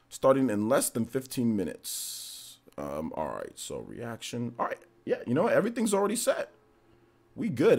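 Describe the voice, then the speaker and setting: A man's voice: medium pitch, husky. A man streaming live, greeting viewers from chat one by one and laughing at trolls in a casual, slangy way. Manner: shouts out chat names, trash-talks trolls, laughs often.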